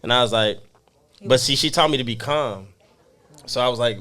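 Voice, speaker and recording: A man's voice: mid-range voice, normal speed, bright, forceful tone. Chill guy hosting a podcast, tells stories laid-back, laughs a bunch. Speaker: podcast host. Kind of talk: casual podcast chat.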